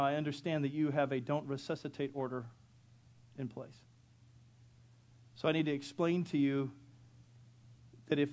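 A middle-aged man delivers a sermon from the pulpit. His voice sits a little high for a man, moving between hushed storytelling and surging, passionate preaching. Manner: storytelling, swelling to loud impassioned preaching. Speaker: pastor.

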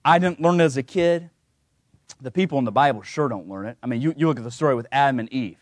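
A man's voice: medium pitch, quick pace, no room sound, studio quality. A man preaching a sermon, telling a personal story with humor and chuckles and acting out the voices in the stories he tells. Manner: acts out quoted voices in a lively, varying tone.

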